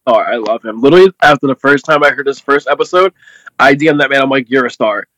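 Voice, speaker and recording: A relaxed man chatting as a podcast guest, his voice in a middle range. He talks in an easygoing, measured way, recorded dry and close to the mic. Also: mid-range voice, dry recording, poor audio. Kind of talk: casual podcast chat.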